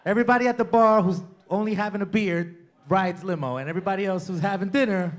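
Loud, profane man doing stand-up. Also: high voice, fast talker. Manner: loud, profane, crowd-working, mocking impressions. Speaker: stand-up comedian. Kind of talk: stand-up comedy set. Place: comedy club with bar.

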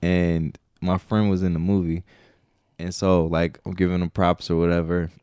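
Male podcast co-host, very low voice, rambling storyteller, dry close sound. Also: level tone, normal speed, a little mellow, smooth, dry recording. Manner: rambling storyteller, heavy swearing, acts out his own reactions. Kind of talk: casual chat.

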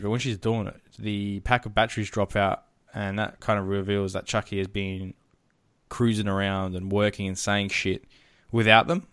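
A man's voice: lowish voice, a bit bright, clear, resonant tone, no echo. A man hosting a podcast, laid-back and laughing easily as he retells a film plot. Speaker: podcast host.

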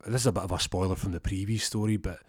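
Husky man telling a comic story. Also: deep voice, racing, no echo, clean studio sound. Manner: lively, acts out voices and sound effects.

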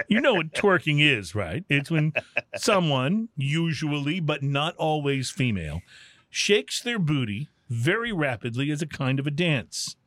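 A man's voice: a little high, sing-song, measured pace, fairly bright tone, dry recording, clean studio sound. A man hosting a casual podcast chat, playful and a bit hammy when he announces segments. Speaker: podcast host. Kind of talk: casual chat while tasting whiskey.

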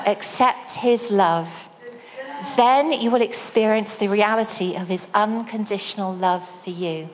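A woman preaches in a church hall, telling her story slowly and deliberately. Her voice sits fairly high. A long reverb trails off each phrase. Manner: slow, storytelling delivery with dramatic re-enactment. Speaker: speaker at a church service. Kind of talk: sermon with a personal story.

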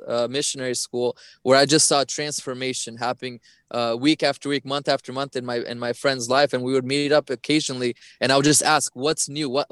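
A man's voice: medium pitch, clear, resonant tone, no room sound. A young man giving an earnest personal testimony as a podcast guest, often repeating and restarting his phrases.

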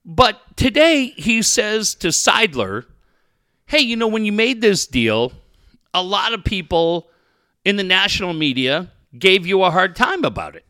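A man tears into local sports radio in a high, bright, wildly swinging voice. He swears nonstop and keeps the rant boiling. The sound is dry and close. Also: clear, resonant tone, dry recording. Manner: ranting, heated, swears constantly. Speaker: podcast co-host.

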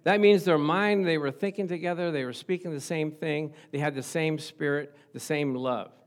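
A middle-aged man preaching a sermon as pastor, animated and calling out for amens. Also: on the high side, moderate pace. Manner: animated, asks the congregation for amens. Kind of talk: lively sermon.

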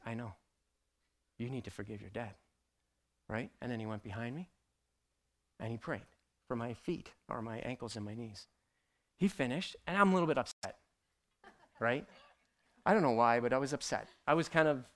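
A middle-aged man from Canada, a pastor giving a conversational testimony sermon, halting and full of fillers and tag questions. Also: mid-range voice.

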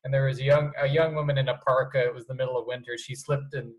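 A man's voice: mid-range voice, level tone, quick pace. A young man co-hosting a podcast, telling rambling, self-deprecating stories in casual chat. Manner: rambling, self-deprecating storyteller with frequent restarts. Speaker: podcast co-host.

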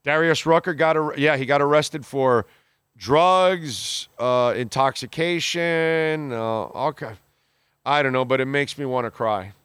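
A male podcast host with a smooth, resonant voice, recorded dry and close. He reacts bluntly and with exasperation, swears freely, and stumbles through restarts as he talks. His pitch sits in an ordinary middle range. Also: a bit bright, no echo. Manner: halting restarts, many fillers. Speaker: podcast host reading listener comments. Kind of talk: casual chat.

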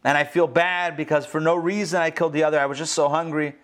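A man's voice: a little high, flat delivery, fast talker, a bit bright, lightly acted. A man doing a regretful hungry wolf. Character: hungry male wolf confessing a killing.

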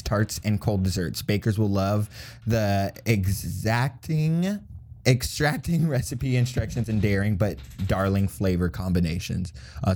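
Young male co-host, low mellow voice, loose rambling podcast chat. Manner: rambling, laughs often, imitates people. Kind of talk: casual chat.

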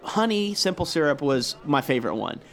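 Animated man, lively swinging pitch. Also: brisk. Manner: profane, animated storyteller acting out his own reactions. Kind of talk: casual chat.

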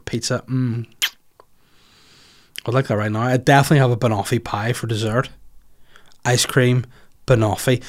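A comedian, rambling through listener questions in a crude, jokey podcast chat. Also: male voice, mid-range voice.

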